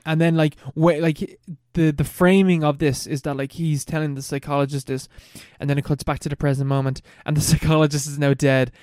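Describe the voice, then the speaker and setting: Man, slightly high voice, dry close sound, rambling film recap in casual chat. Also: level tone, darkish tone, smooth, no room sound. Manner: rambling, laughing, swearing, fast storytelling.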